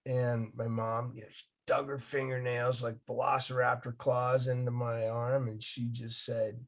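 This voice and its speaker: A man in his fifties from Massachusetts, a guest telling his story in a lively, folksy, upbeat way. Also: medium pitch, moderate pace. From Massachusetts, USA. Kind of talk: casual interview storytelling.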